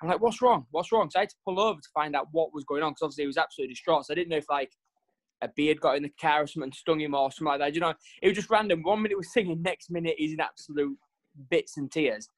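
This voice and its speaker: A man in casual chat, telling family stories with lively quoted voices. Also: very fast. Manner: animated storyteller, jumps pitch for quoted voices. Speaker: podcast co-host.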